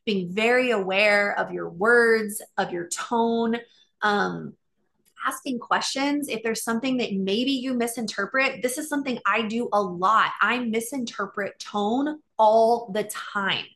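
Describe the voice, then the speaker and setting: A woman's voice: on the high side, unhurried, a bit bright. A middle-aged woman talking earnestly and openly in a casual monologue, with many "like" fillers.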